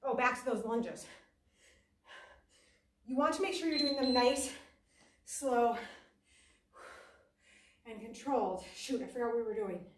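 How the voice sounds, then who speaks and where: A woman's voice: a little high, measured pace, pauses often, a little hiss or hum. A woman fitness instructor leading a workout class, chatty and self-deprecating, talking while she exercises and at times out of breath. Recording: echoey room, voice from a distance.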